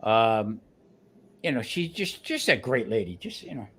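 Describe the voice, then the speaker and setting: A man with a New Jersey accent, telling stories in a casual chat, animated and full of restarts. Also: fairly low pitch, a little slow. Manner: animated storyteller, restarts often. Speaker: guest cook on a grilling livestream.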